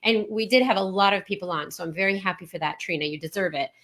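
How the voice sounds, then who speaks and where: Bright, gushing woman host. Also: medium pitch, fast talker. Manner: gushing, effusive praise. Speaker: call host. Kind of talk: casual chat.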